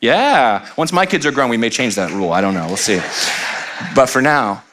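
A pastor in his late thirties preaches to his congregation, mixing comic family stories with his message. His voice sits at an ordinary middle pitch, and he often tosses jokes and asides to the room. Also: lively intonation, moderate pace, a bit bright. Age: 30s. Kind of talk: humorous sermon. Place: church sanctuary.

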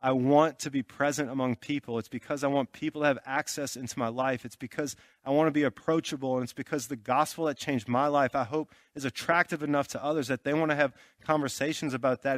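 A pastor talks fast with few pauses in a steady, medium-pitched voice, giving a sermon through a personal anecdote. His style is loose and conversational, heavy on fillers, with frequent check-ins with his listeners. It's a dry, studio-quality recording.

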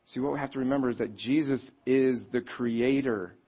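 A man preaching a sermon in a conversational, animated way, reading scripture and acting out quotes. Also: mid-range voice, normal speed, slightly rough. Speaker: pastor. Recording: slightly dull, lo-fi sound.

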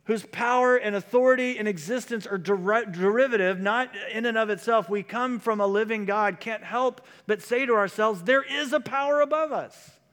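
Pastor preaching in a reverberant hall. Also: male voice, sits high, moderate pace, few pauses, a bit bright. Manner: conversational preaching, shifts into quoted voices. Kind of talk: sermon.

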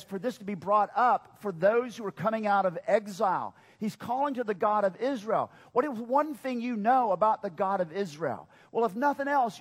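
High-voiced preacher in a reverberant hall. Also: male voice. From United States. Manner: interactive, calls out to the congregation and asks questions. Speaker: pastor. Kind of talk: sermon.

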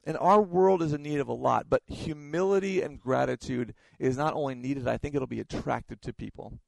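Pastor guy preaching, gravelly voice, dry close sound, trips over words a lot. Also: mid-range voice, fairly quick, no room sound, poor audio. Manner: storytelling, stumbles and repeats words. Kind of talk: sermon.

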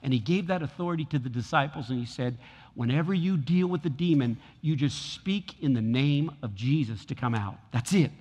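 A man's voice: medium pitch, expressive, a little fast, darkish tone. A man pastor preaching a sermon in a church, repeating lines and building in force. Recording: long hall reverb.

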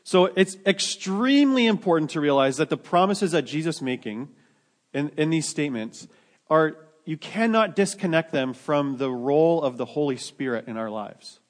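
A man's voice: on the high side, lively intonation, normal speed. A man preaching a sermon to his church in a conversational way, often restarting his sentences and adding joking asides. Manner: conversational, many restarts, self-deprecating asides. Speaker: pastor.

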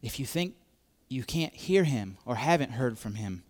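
A man's voice: mid-range voice, lively intonation, moderate pace. A man preaching a sermon, repeating key phrases, swelling to emphatic peaks and dropping to near whispers. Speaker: pastor.

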